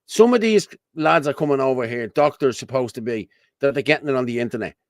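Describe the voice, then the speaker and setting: A man's voice: medium pitch, fast, no echo, clean studio sound. An Irish man hosting his own show, talking in a blunt, repetitive, colloquial ranting commentary. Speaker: host.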